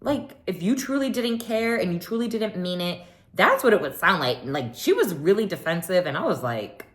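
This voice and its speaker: A young woman vlogger recaps a reality show in a lowish voice at a moderate pace. She's chatty and opinionated, quoting the cast with animation.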